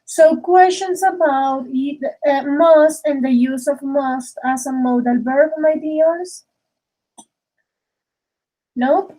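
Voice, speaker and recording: A woman's voice: high voice, takes it slowly, warm tone, low-quality recording. A woman teaching English in an online class over a video call, explaining grammar affectionately and calling students dears. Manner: affectionate, calls students dears and babies, mixes in Spanish.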